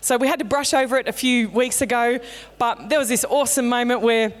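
A woman's voice: fairly high pitch, steady tone, brisk. A woman pastor preaching a sermon in a conversational, playful storytelling way. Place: church auditorium. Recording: long hall reverb in a church.

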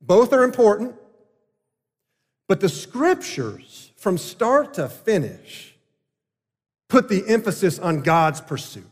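A man preaching a sermon as a pastor, earnest and emphatic, with deliberate pauses. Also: sits high, big pitch swings. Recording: long hall reverb.

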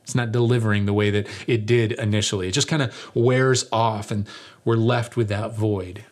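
A young man, a pastor, opening his sermon with a lively personal story and putting casual questions to his congregation. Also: on the low side, normal speed. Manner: animated, self-mocking storytelling; conversational, rhetorical questions to the congregation.

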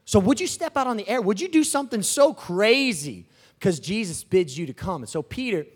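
A man preaching a sermon in an animated, joking, storytelling manner. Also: high-pitched, brisk, slightly rough.

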